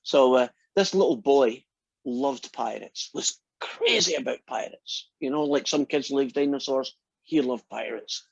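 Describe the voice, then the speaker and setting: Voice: medium pitch, unhurried, gravelly, husky, no room sound, highs cut off. A teacher in an online class, chatty and encouraging, telling jokes to the students. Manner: chatty, encouraging, laughs easily.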